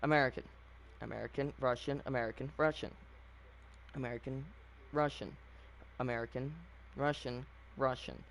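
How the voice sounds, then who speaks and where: A man's voice: mid-range voice, fairly even intonation, normal speed, creaky, a little hiss or hum. A man giving casual, opinionated commentary on a video game, rambling with frequent fillers and restarts. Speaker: gaming channel host.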